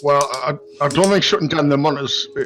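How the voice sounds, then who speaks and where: An older man asking halting, hesitant questions as a player in a casual tabletop game. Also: a little high, fairly bright tone, a little hiss or hum.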